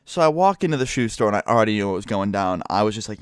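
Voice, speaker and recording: A man's voice: lowish voice, very fast, hardly any pauses, smooth, no room sound. A young man telling a rambling, self-mocking story with lots of swearing, speaking into a close mic. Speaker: YouTuber. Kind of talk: casual storytelling vlog.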